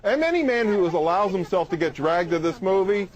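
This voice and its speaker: A combative man in a heated TV panel debate, his voice sitting a little high. He talks over the other guests and fires off one statistic after another. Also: lively intonation, fairly quick, muffled recording, a crowd in the background.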